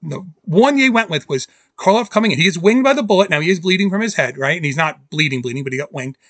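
A man co-hosting a podcast in casual chat, excitably acting out movie scenes in quoted voices. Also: high voice, fast, no room sound. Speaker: podcast co-host.

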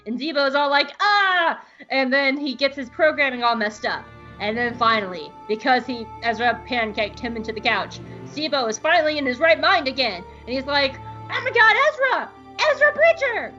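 Excitable woman gushing through a recap. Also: high voice, brisk, few pauses, highs cut off, soft background music. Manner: excitable, gushing, with playful asides. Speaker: podcast co-host. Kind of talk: casual episode recap.

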